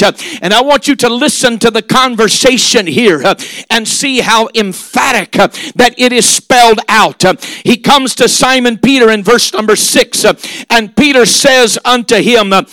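High, bright-voiced emphatic preacher man. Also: no room sound. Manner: emphatic, punctuated with frequent "uh" and "amen"; drawn-out, shouted emphasis on quoted lines. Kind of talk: sermon.

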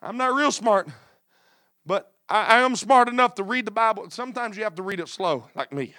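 A man's voice: high-pitched, animated, fairly quick, sharp tone, no room sound. A man preaching a sermon in an impassioned cadence punctuated by "uh", with folksy, plain-spoken asides.

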